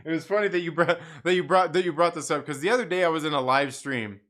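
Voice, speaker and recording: A man with a fairly high voice hosts a live stream from home. He rambles through a casual rant, padding his sentences with fillers, laughing often and swearing freely. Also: fast, a bit bright.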